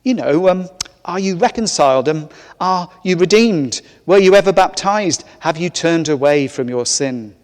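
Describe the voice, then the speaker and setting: A man's voice: a little high, animated, natural voice. A man doing a fussy, stern angel gatekeeper. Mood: insistent. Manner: rapid-fire questioning, stern. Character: officious, fussy angel on duty at heaven's reception. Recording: echoey church hall.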